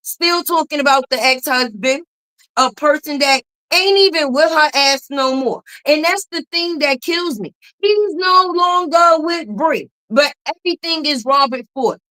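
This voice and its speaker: A woman hosting a casual gossip commentary, talking in a sassy, emphatic and blunt way, with frequent drawn-out mm-hmms and plenty of profanity. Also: sits high, bright, forceful tone. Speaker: commentary channel host.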